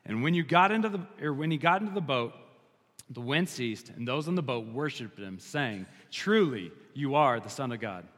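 A man preaching a sermon as pastor, animated, slowing down to stress his key lines. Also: medium pitch, big-room sound.

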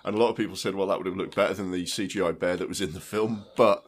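A man's voice: sits low, rapid-fire. A man hosting a podcast, telling stories in casual film chat and acting out quotes. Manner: animated storytelling, acts out quotes. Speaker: podcast host.

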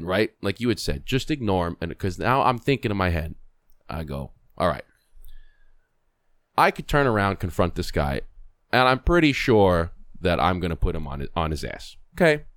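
A middle-aged man, a podcast host telling a story in casual conversation, animated, acting out quoted voices and restarting often. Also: low voice, no echo, studio quality.

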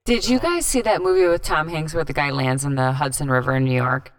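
A woman's voice: deep voice, brisk. A woman co-hosting a podcast in casual chat, talking freely with lots of "like". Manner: chatty, lots of "like". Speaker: podcast co-host.

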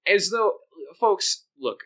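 A man's voice: sits high, sing-song, takes it slowly, a bit bright, low-quality recording. A man co-hosting a podcast, recapping an old sitcom episode in a joking, rambling way. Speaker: podcast co-host. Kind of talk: casual recap chat.

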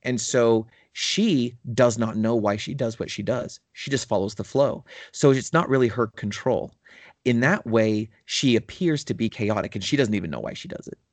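A man's voice: mid-range voice, moderate pace, no echo. A man in casual podcast chat, telling a long story with enthusiasm and many fillers. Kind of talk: casual chat about tabletop gaming.

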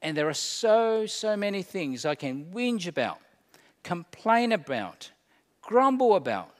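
A man preaching a sermon earnestly, moving between loud emphasis and soft, slowed phrases. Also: high-pitched, sing-song, in a large hall. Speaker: pastor.

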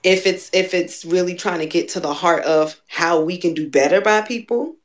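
A woman's voice: lowish voice, moderate pace. A woman in casual conversation who talks candidly and emphatically, swearing freely.

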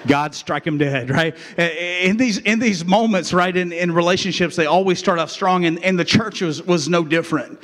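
A pastor preaching a sermon in a chatty, joking way, calling on the crowd to answer back. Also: male voice, high voice, fairly even intonation, normal speed, few pauses, a bit bright. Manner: jokey, chatty preaching with call-and-response. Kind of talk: sermon with acted skit.

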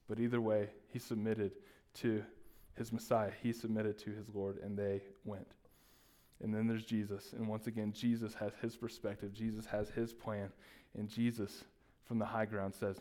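A man's voice: fairly low pitch, moderate pace. A man preaching a sermon, acting out the disciples' lines as he retells the story. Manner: animated, acts out the disciples' voices. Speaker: pastor.

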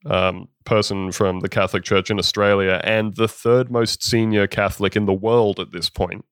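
A man's voice: fairly low pitch, flat delivery, normal speed, clean tone, no echo. Casting: ranting male podcast host, dry close mic. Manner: swears, rants with exasperation. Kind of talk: casual chat.

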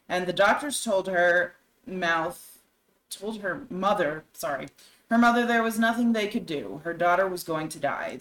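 A woman's voice: medium pitch, rough recording. A woman co-hosting a talk show, reading scary stories aloud with dramatic storytelling and shifting voices for the characters. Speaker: co-host.

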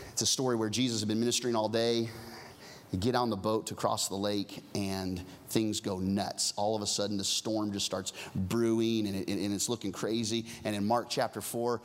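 A man preaching a sermon, swinging from loud, high emphasis down to soft, hushed near-whispers. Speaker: pastor.

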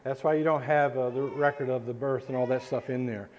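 A male pastor preaching a sermon in a church, earnest and halting, with frequent restarts. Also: medium pitch, steady tone, darkish tone, dull audio. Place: church sanctuary.

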